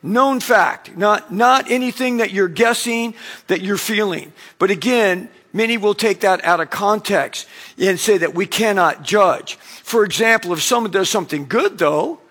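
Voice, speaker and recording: High-voiced man preaching a sermon. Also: unhurried, a bit bright. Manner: conversational preaching with acted-out anecdotes. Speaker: pastor.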